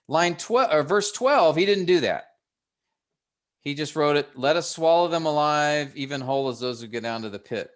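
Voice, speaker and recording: A man teaching a workshop for pastors, explaining a text step by step in an unhurried way with frequent restarts. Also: on the high side, a bit bright. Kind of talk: relaxed classroom teaching.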